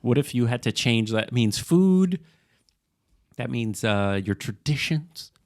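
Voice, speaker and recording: A man's voice: mid-range voice, animated, slow pace. Middle aged puerto rican guy on a podcast, cracks himself up telling stories. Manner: laughs easily, teasing storyteller. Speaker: podcast co-host. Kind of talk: casual chat.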